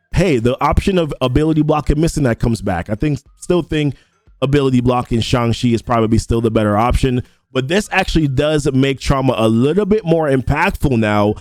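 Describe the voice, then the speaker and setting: A man's voice: mid-range voice, dry recording. Casual Jamaican man hosting game news. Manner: chatty, filler-heavy, addresses viewers as guys. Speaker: mobile game news host. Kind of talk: casual weekly gaming news roundup.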